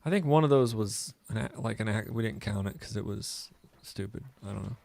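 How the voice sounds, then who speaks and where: A man's voice: fairly low pitch, brisk, creaky, darkish tone, a little hiss or hum. A man co-hosting a trading show, chatting casually and rambling with jokes and silly asides. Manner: joking, rambling, jumps into silly voices. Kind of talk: casual banter over live trading.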